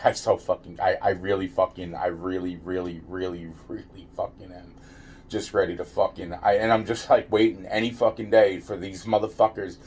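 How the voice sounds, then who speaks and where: Talking straight to camera, a vlogger launches into a rambling, profane rant, repeating himself and stumbling over restarts. His voice is low-pitched and a little mellow, level in tone and normal in speed. Slight background noise is audible in this ranting vlog monologue.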